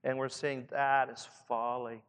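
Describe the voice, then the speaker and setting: A man with a Southern Indiana accent preaching a reflective sermon to pastors, often dropping to a soft hush to stress a point. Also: medium pitch, level tone, measured pace, smooth. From Southern Indiana, USA. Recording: long hall reverb.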